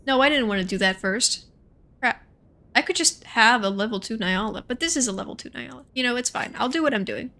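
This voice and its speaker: A young woman with a fairly high, bright voice gives loose, chatty commentary as she plays. She thinks aloud, muses in quick asides and talks to herself about her next moves. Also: lively intonation. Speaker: gaming streamer. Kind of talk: casual gameplay commentary.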